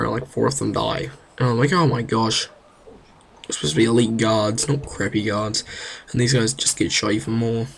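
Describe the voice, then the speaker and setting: Young New Zealand guy, chatty and self-mocking, amateur gameplay commentary, mid pitch. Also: vocal fry, a little hiss or hum.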